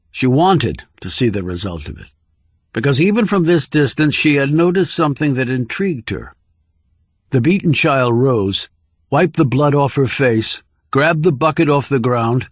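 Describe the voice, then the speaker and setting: A male audiobook narrator with a mid-pitched voice reads a thriller in a measured, steady way. The sound is dry and close, with no room around it. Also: dry recording. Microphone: close studio microphone.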